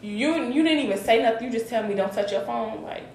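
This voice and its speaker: A woman's voice: fairly high pitch, quick pace, darkish tone. A young woman, co-hosting a podcast, retelling a work story in a laid-back but emphatic way. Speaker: podcast co-host. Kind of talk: casual chat. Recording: roomy echo with faint hiss.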